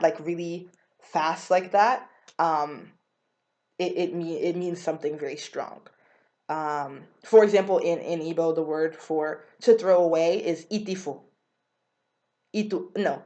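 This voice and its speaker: Young woman vlogging, kinda low voice, chatty, lots of "like"s and little self-corrections. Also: a little mellow. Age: young adult. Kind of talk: casual explanatory vlog.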